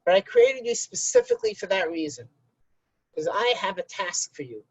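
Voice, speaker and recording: A man's voice: high voice, wildly swooping pitch, normal speed, vocal fry, husky, no room sound, exaggerated voice, poor audio. A man voicing God as a kindly, easygoing male creator who hands out tasks in a folk tale. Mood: generous. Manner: easygoing, bargaining tone.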